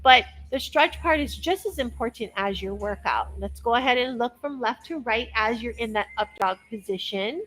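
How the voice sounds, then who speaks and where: A woman's voice: on the high side, expressive, normal speed, few pauses, a bit bright, poor audio. A young woman coaching a workout class, upbeat and encouraging as she counts down each interval. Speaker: fitness instructor.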